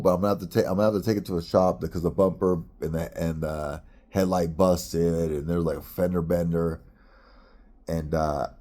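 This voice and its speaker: A man's voice: deep voice, a little mellow. A middle-aged man from the United States telling a long, frustrated story in a rambling, profane way with many restarts. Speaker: vlogger. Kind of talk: casual storytelling rant.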